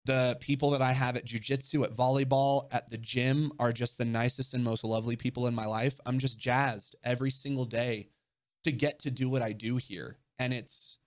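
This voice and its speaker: A man's voice: medium pitch, steady tone, normal speed. A young man hosting a livestream, answering viewer questions in casual, earnest chat, emotional and swearing casually.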